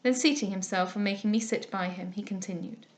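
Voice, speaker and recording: A woman whose voice sits in the middle range tells the story of a classic novel as an audiobook reader, her delivery measured and even.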